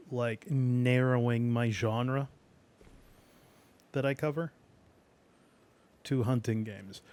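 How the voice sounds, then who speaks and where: A man streaming a game, chatting casually while he plays, rambling along with fillers and soft laughs. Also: mid-range voice, clear, resonant tone. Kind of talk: casual gameplay commentary.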